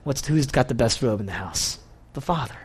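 A man's voice: mid-range voice, animated, normal speed, husky. A man preaching a sermon, telling a story with animation and repeating phrases for emphasis.

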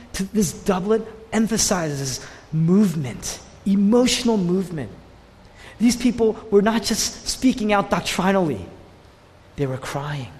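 A man preaching a sermon, emphatic and repeating key phrases, sometimes dropping to a hushed voice for stress. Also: sits high, long reverb tail.

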